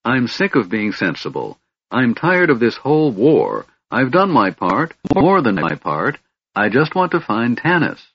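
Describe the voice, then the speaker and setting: A man's voice: medium pitch, wildly swooping pitch, unhurried, breathy edge, voice pushed up, exaggerated voice. A man reading an audiobook, voicing an impassioned young elven woman who pleads in frustration, in a dull lo-fi recording. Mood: frustrated.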